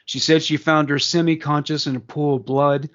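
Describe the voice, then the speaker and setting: A man's voice: a little high, little pitch movement, moderate pace, fairly bright tone, lo-fi sound. A man co-hosting a podcast, reading a crime news story aloud with frequent fillers and casual asides. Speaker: podcast co-host.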